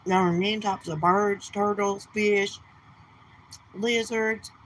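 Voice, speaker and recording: A woman's voice: medium pitch, fairly even intonation, slow pace, a bit bright, slight background noise, low-quality recording. A middle-aged woman, chatting bluntly and gossiping on a casual live stream outdoors. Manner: blunt, gossipy, cussing, Southern turns of speech. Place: outdoors near her home.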